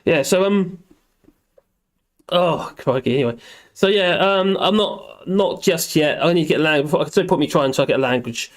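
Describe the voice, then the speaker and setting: A man's voice: on the high side, normal speed. Chatty live-stream host, a man. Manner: rambling, chatty, with fillers, talking to his dog between comments. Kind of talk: casual live stream chat reading viewer comments.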